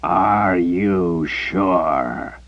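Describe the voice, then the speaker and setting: A man reading an audiobook, voicing a menacing male emperor who speaks through a young soldier, deep and gravelly, slow and threatening. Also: lively intonation, no echo, highs cut off, heavily acted.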